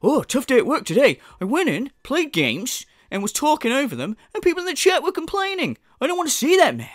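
A man putting on a mocking, high whining voice for a self-pitying male streamer. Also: huge pitch swings, a little fast, dry recording, studio quality, exaggerated voice. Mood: whiny.

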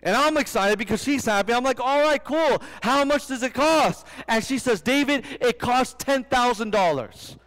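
A man's voice: very high-pitched, animated, moderate pace, few pauses, a bit bright. A young man preaching a sermon, often quizzing the congregation with rhetorical questions. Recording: long hall reverb.

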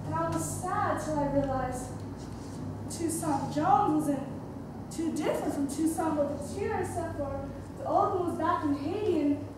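Unhurried and high-voiced, a young actress tells her story on stage through a dramatic monologue full of vivid, playful touches. The sound is very echoey and distant, and the background is noisy.

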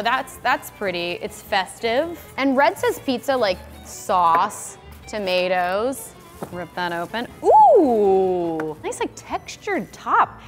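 A woman's voice: on the high side, fairly bright tone. A woman producer reviewing a kitchen gadget in a casual vlog, chatty and playful, thinking aloud with lots of "like"s. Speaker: food video producer testing a kitchen gadget.

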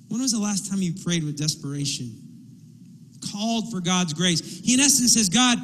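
A man's voice: high-pitched, animated, moderate pace, fairly bright tone. A man preaching a sermon as pastor, impassioned, voicing pleading quotes as he goes. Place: church sanctuary. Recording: long hall reverb.

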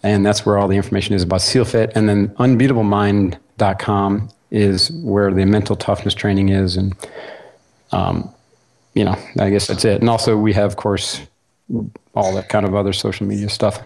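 A man's voice: fairly low pitch, normal speed. A man talking as a podcast guest, telling stories easily and laughing along. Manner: relaxed storyteller, laughs easily. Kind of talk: casual interview talk.

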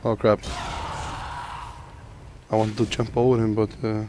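A man with a sore throat giving jokey, excitable commentary while playing a shooter game. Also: fairly low pitch, measured pace. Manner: jokey, excitable, talks to teammates and himself. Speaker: gamer. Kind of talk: gameplay commentary.

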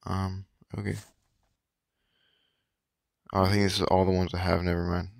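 A man giving slangy, boastful, rambling let's-play commentary in a hushed voice late at night, with a frog in his throat and his voice cracking. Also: low-pitched, flat delivery, moderate pace, no room sound, studio quality. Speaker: gamer. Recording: game music playing clearly underneath. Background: game music.

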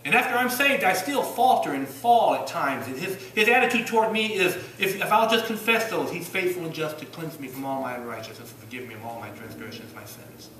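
A man preaching a sermon in a church, asking rhetorical questions, rising to loud bursts and dropping low. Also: brisk, few pauses, a little hiss or hum. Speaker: pastor. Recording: echoey church room from a distance.

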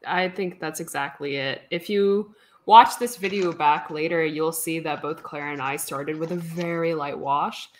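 Relaxed woman co-host with dry humor. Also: low voice, a little slow. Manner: relaxed, dry humor, reads viewer comments. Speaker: art instructor and co-host. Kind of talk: casual chat while painting.

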